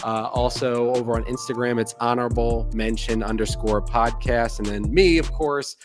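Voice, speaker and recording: A man hosting a sports podcast, speaking in a relaxed, halting way with many restarts. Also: medium pitch, music in the background. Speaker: podcast host. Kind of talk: casual podcast interview.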